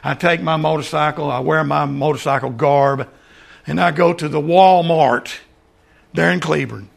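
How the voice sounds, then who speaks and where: An older man preaching a sermon and then praying, earnest, often calling the listeners "friends" and dropping into soft asides. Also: a little high, normal speed. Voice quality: gravelly. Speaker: lay preacher. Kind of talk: sermon and prayer.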